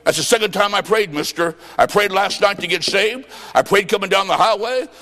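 High-voiced revival preacher, man, in a hall. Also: brisk. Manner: dramatic, rhythmic cadence, bursts of shouting. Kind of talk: sermon with storytelling. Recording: long hall reverb.

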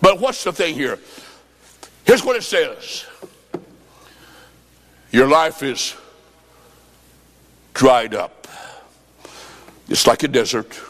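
A man preaching a sermon, telling stories and acting out both sides of a conversation, jokey and emphatic, swinging between loud and soft. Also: medium pitch, big pitch swings, extremely slow, long pauses, long reverb tail.

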